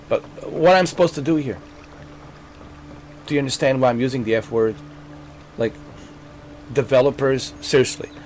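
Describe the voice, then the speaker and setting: Man, gaming streamer, exasperated rant, stammering repeats, mid-pitched voice, faint background music. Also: darkish tone. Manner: exasperated ranting, repeats words, swears then apologizes. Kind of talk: frustrated live gameplay commentary.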